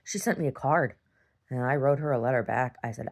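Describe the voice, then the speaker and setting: Low gravelly woman telling a story. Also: brisk. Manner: rambling storytelling, voice rising when reliving a fight. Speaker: video diarist. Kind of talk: personal video diary.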